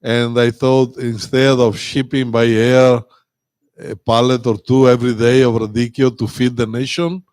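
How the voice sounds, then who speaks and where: An older man from Italy with an Italian accent, a guest winemaker telling a story in a measured way on a live cooking show. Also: mid-range voice, level tone, darkish tone, clear, resonant tone, no room sound. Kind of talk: casual live chat.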